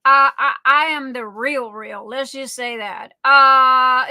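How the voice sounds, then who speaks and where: A woman's voice: sits high, steady tone, takes it slowly, hardly any pauses, bright, forceful tone, no echo. A woman with a Southern accent hosting a casual livestream, rambling and chatty as she greets viewers by name with endearments like darling and sweetheart. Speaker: livestream host.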